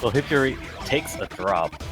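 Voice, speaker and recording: A man giving upbeat live play-by-play commentary on an esports tournament, reacting quickly to the action. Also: mid-range voice, animated, over music, poor audio. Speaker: esports caster.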